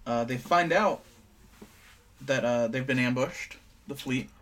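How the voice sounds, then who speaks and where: A man's voice: mid-range voice, a bit bright. Young man casually recapping scenes. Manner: chatty, recapping scenes with quick offhand quips. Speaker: co-host. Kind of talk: casual chat.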